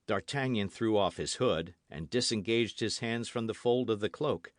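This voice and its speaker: A man's voice: lowish voice, normal speed, no room sound, studio quality. A man narrating a classic novel as an audiobook, reading expressively. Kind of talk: scripted narration.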